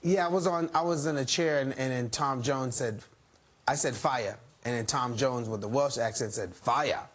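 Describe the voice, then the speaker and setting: A man's voice: mid-range voice, moderate pace. A man, a musician guest, joking loosely on a talk show. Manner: laid-back, loose, joking. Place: TV studio.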